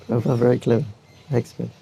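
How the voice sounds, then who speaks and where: A man's voice: mid-range voice, fairly even intonation, moderate pace, creaky, a crowd in the background. An older man giving an anecdotal spiritual talk to devotees, chuckling often as he tells his stories.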